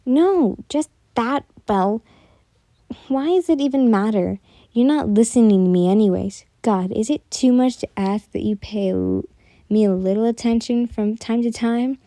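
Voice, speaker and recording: A woman's voice: a little high, unhurried, warm tone, dry recording. A woman voicing a hot-tempered young fighter with cat ears who swears and turns flustered and defensive, in a whispered role-play.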